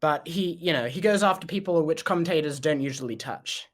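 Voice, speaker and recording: A man co-hosting a podcast, talking casually with hesitant restarts and throat clearing. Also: fairly high pitch, a little fast. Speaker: podcast co-host. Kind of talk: casual chat.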